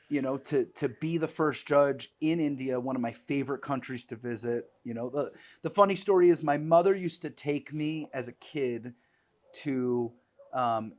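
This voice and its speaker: A man, a dog sport judge, chatting casually on a podcast and telling lively stories, with many "you know" fillers. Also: medium pitch.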